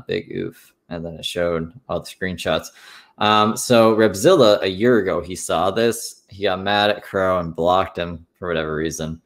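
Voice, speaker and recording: A man's voice: low voice, gravelly. A man streamer recounting online drama in casual, rambling commentary, swearing freely.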